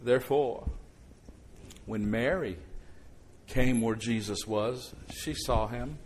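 A middle-aged male pastor preaching a conversational sermon, swinging between quiet reflection and sudden loud outbursts. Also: medium pitch, slow pace, a little hiss or hum.

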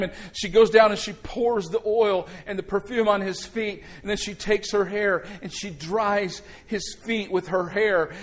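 Middle-aged male pastor, slightly high voice, animated sermon delivery, quiet one moment and loud the next. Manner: animated, conversational preaching with sudden loud outbursts.

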